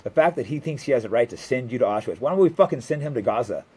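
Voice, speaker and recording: A man's voice: mid-range voice, lively intonation, fast talker, warm tone, slightly rough. A man commentator on a talk show speaking indignantly and profanely, with stammered restarts.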